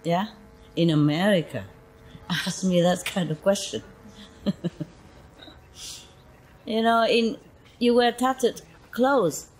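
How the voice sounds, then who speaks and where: A woman's voice: medium pitch, fairly even intonation, slow, pauses often, low-quality recording. A woman spiritual teacher giving an informal talk to her followers, telling stories in a chatty way and laughing often. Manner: chatty storytelling, frequent laughter, asides like "you know".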